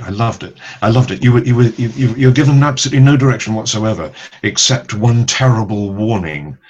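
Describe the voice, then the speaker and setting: Low, husky male actor telling anecdotes. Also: low-quality recording. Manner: hesitant, many ums, wry storytelling. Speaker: actor, guest. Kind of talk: anecdotal interview answers.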